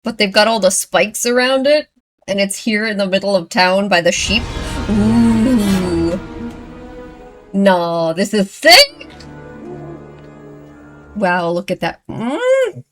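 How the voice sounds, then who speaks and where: A woman's voice: on the low side, faint music behind. A woman hosting a first-time movie reaction, talking casually, gushing and getting worked up, then apologizing for it. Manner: excitable, gushing, quick to apologize. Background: movie audio playing.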